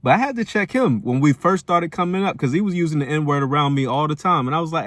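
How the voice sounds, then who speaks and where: A man's voice: fairly high pitch, animated, fast, few pauses, fairly bright tone, no room sound. A man hosting a commentary channel, delivering a firm, preachy reaction rant. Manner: firm, preachy, building emphasis.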